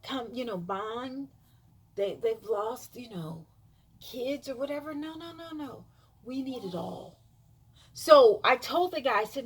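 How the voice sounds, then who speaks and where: A woman's voice: fairly high pitch, expressive, a little slow, slightly rough. A woman vlogging an emphatic, insistent opinion monologue, repeating herself for emphasis.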